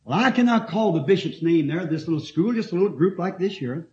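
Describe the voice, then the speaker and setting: A male preacher with a high, lively voice, swinging up and down as he reads scripture and tells stories. He talks emphatically and laughs easily. The sound is dull and lo-fi, like an old tape. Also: fairly quick. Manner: animated, emphatic, often laughing while telling stories. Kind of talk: sermon.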